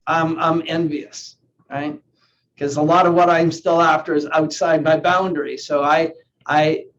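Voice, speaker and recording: Male NLP coach, fairly high voice, earnest and searching, slightly dull video-call sound with faint hiss. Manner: earnest, repeats words while thinking. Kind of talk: live online coaching session talk.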